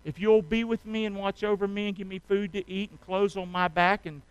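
A middle-aged pastor, preaching a sermon with call-and-response that swings from soft to loud. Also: male voice, high voice, fairly even intonation, fairly quick, smooth, no echo, dull audio.

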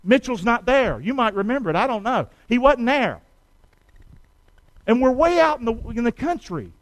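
A man's voice: very high voice, very animated, moderate pace, dry recording, rough recording. A middle-aged American man preaching a sermon. He tells stories in a folksy way and has the congregation repeat lines after him. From United States. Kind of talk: sermon with call and response.

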